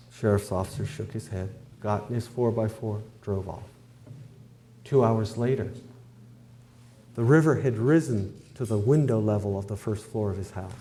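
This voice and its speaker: A man's voice: on the low side, normal speed, dark tone. A man giving a testimony in homespun, conversational storytelling with an easygoing flow. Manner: homespun, conversational, with fillers and "I says". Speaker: testimony speaker.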